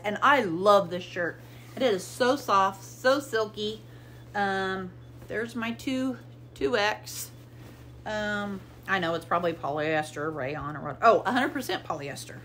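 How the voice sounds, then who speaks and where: A woman's voice: a little high, bright, forceful tone, a little hiss or hum. A middle-aged woman chatting casually through a shopping haul at home, rambling and easily amused. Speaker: vlogger showing a shopping haul.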